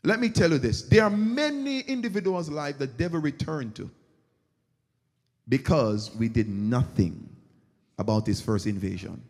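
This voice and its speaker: A pastor delivers a sermon in a medium-pitched, slightly slow voice, telling stories with animation and acting out each character. He's in a church sanctuary, and the recording carries a long church reverb.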